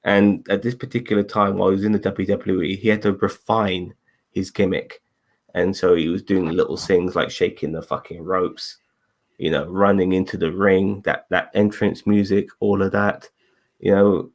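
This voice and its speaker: A man with a fairly low voice hosts a loose online chat. He rambles, swears freely and stops to correct himself mid-sentence. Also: little pitch movement, moderate pace. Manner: rambling, profane, self-correcting. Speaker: podcast host. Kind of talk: casual group review chat. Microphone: video call.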